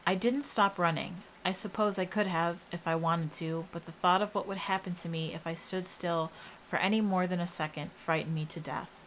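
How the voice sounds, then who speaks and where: A young woman narrating a first-person horror story in a steady storytelling voice. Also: lowish voice, normal speed, slight background noise, low-quality recording.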